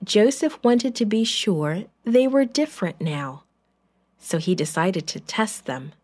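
A woman narrating a children's Bible story in a gentle, clear, deliberate way. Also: medium pitch, sing-song.

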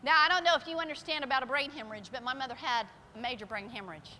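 A woman pastor giving a fervent testimony sermon in a church service, her preaching climbing into shouted praise. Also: high voice, rapid-fire, big-room sound, a faint crowd, a little hiss or hum. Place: church sanctuary during a service.

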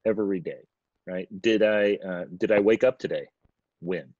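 A man hosting an interview over a video call, asking questions in a halting, casual way. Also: on the low side, darkish tone, no echo. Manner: halting, casual, thinks aloud. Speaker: host. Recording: dull lo-fi video call audio.

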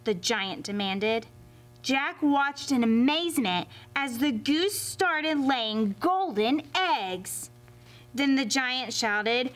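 A woman reading a fairy tale aloud to children as a library storyteller, expressive and animated. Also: a little high, slow pace. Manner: expressive and animated, addressing kids.

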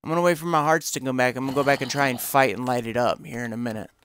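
A man chatting loosely through a game session at a middle pitch, trailing off mid-sentence to hunt for words and yelping when danger hits. The recording is noisy, with a steady hiss and mouse clicks behind him. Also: rapid-fire. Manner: rambling, searches for words, exclaims in panic. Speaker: gameplay streamer. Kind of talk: casual gameplay commentary.

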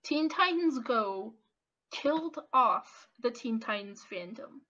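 A woman in her twenties giving casual, animated opinion commentary with lots of ums and restarts. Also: on the high side, slow pace. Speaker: YouTube commentator. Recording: lo-fi dull audio.

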